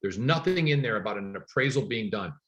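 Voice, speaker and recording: A man teaching a live online real estate sales class in an energetic, emphatic storytelling manner. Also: on the low side, a little fast.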